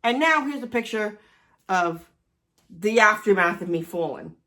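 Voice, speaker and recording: A woman's voice: mid-range voice, lively intonation, unhurried, pushed and bright. A woman in her forties telling a personal story in a casual vlog, self-deprecating and swearing often. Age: 40s. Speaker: vlogger.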